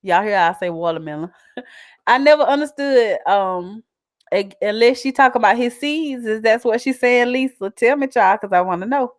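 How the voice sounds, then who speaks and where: Woman vlogger, South Carolina twang, chatty and animated, dry close recording. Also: fairly high pitch, moderate pace, no room sound. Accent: South Carolina country twang. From South Carolina, USA. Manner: chatty, animated, laughs often. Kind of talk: casual chat reading viewer comments.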